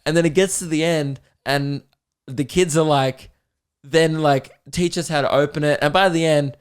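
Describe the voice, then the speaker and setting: A man's voice: steady tone, moderate pace, clear, resonant tone. A young Australian man hosting a comedy podcast, telling a story casually, swearing and laughing as he goes. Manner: swearing, laughing, mimicking kids in a high voice.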